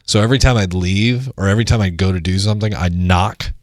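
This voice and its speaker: A man's voice: deep voice, fast, dry recording, studio quality. A man co-hosting a podcast, telling stories casually and laughing often. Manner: animated storytelling, laughs often. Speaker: podcast co-host. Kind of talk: casual chat.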